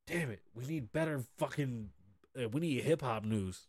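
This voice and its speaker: An American man hosting a podcast, riffing on the news in a loud, profane and excitable way from a studio. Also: mid-range voice, measured pace, long pauses. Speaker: podcast host. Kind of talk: casual news commentary.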